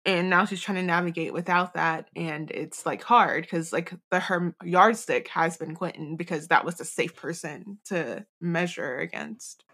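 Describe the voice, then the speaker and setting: A woman's voice: fairly low pitch, measured pace, hardly any pauses, fairly bright tone. A woman co-hosting a podcast, talking through a book chapter in a loose, rambling way with lots of fillers and restarts. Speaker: podcast co-host. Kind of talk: casual book discussion.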